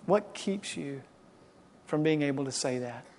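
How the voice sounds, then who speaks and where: A male pastor preaching to a congregation and leading a prayer, swinging from loud impassioned exhortation to quiet, hushed pleading. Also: fairly high pitch, lively intonation, a little slow, slight background noise. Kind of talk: sermon and closing prayer. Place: church service.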